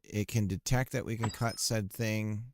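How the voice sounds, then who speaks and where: A man's voice: lowish voice, steady tone, normal speed, a little hiss or hum. A man developing a game on a live stream, thinking aloud and chatting casually with his viewers, often trailing off mid-sentence. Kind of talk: casual live-stream commentary while coding.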